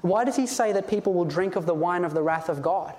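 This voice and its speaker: A man's voice: high voice, fairly quick, a little mellow. A man preaching a sermon in an earnest, pleading way, sometimes stumbling over his words when stirred. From Australia.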